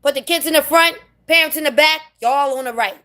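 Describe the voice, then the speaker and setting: A woman's voice: sits high, brisk, a bit bright. A woman from New City, ranting bluntly and sassily to camera in a casual monologue, swearing freely. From New York City. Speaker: vlogger.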